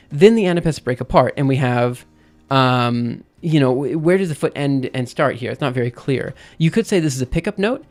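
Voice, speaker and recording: A man's voice: medium pitch, a little mellow. A man on a live stream explaining poetic meter in a casual way, thinking aloud with many fillers and restarts. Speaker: streamer teaching poetry meter.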